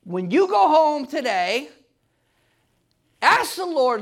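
A preacher delivers his sermon in an emphatic way, his voice rising to shouts at its peaks. His voice sits high for a man and carries a gravelly edge. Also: sing-song, slow pace.

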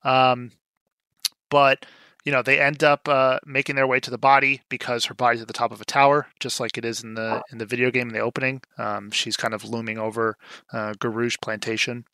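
A young man with a bright, forward voice chats casually as a podcast co-host, walking through a movie's plot. He tosses in dry, sarcastic asides and keeps filling gaps with "um" and "like". His voice sits close and dry, with no room around it. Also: mid-range voice, little pitch movement, fairly quick, clear, resonant tone, no echo. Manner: wry, sarcastic asides with frequent fillers. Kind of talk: casual movie recap chat.

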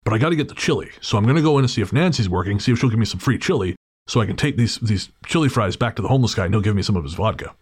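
A man's voice: fairly low pitch, lively intonation, racing, slightly rough. A man putting on the voice of a wiry drifter who rambles, swears and acts overfamiliar in a told story. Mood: rambling. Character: wiry, rambling small-time male drifter.

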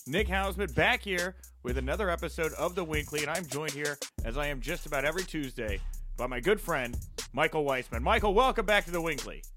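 Playful high-voiced man hosting a podcast. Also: lively intonation, a little fast, music in the background. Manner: playful and jokey, sings his greeting. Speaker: podcast host. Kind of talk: casual chat.

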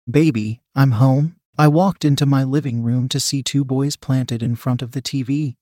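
A man reading a first-person story aloud in an even, measured narration. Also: mid-range voice, slightly rough, no room sound, studio quality. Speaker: audiobook narrator.

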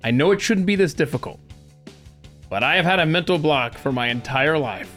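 A man's voice: a little high, animated, normal speed, fairly bright tone, faint music behind. A man hosting a podcast interview and reading an ad, joking about his own slips. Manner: self-deprecating, laughs at own slips. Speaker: podcast host.

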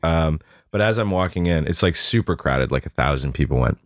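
A man's voice: extremely low pitch, lively intonation, a little fast, no room sound, studio quality. A man, a comedian guest, telling stories in casual conversation. He acts out voices and laughs often.

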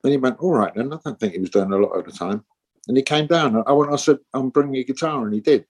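A man's voice: mid-range voice, fast talker. Man in his sixties telling rambling anecdotes. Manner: rambling anecdotes, acting out quoted voices. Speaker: musician guest. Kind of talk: casual interview storytelling.

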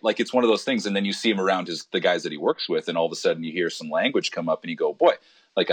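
Low husky-voiced man, pastor talking. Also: dry recording. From Canada. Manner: relaxed, thoughtful, many restarts. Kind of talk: casual podcast conversation.

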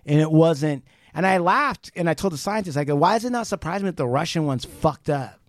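A man co-hosting a podcast, retelling a conversation in casual, animated chat, swearing freely and restarting sentences. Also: on the high side, fairly quick, no echo, clean studio sound. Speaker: podcast co-host.

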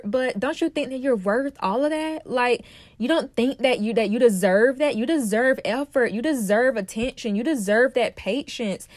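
A woman's voice: fairly high pitch, dry recording. A woman hosting her own podcast, talking in a casual, passionate way and repeating phrases for emphasis. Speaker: podcast host. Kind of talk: casual motivational podcast monologue.

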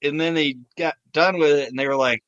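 A man with a bright, forceful voice and a blunt, foul-mouthed way of talking, heard on a dull, lo-fi mic. The sound is dry and close. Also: a little high, steady tone, a little fast, dry recording. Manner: blunt, heavy swearing. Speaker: podcast co-host. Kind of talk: casual wrestling review chat.

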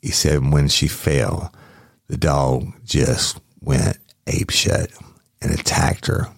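A man with a very deep, low voice tells a police story in a loose, rambling way. He restarts his sentences and swears freely. The sound is dry and close to the mic. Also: fairly even intonation, slow pace, vocal fry, no room sound. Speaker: podcast host recounting a police case. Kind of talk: casual storytelling.

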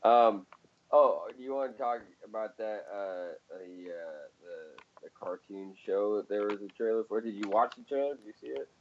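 A man's voice: fairly low pitch, moderate pace, lo-fi sound, a little hiss or hum. A man co-hosting a casual podcast chat, profane and ranting, laughing often. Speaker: podcast co-host.

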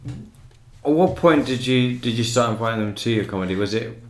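A man hosting a podcast, talking with fellow comedians in a relaxed way with hesitant restarts. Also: mid-range voice, brisk. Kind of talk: casual podcast interview. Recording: roomy echoey recording.

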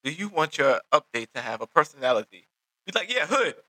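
Giggly man with a bright voice. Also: medium pitch, animated, no room sound, rough recording. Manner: giggly, quick to laugh, playful. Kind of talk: casual chat.

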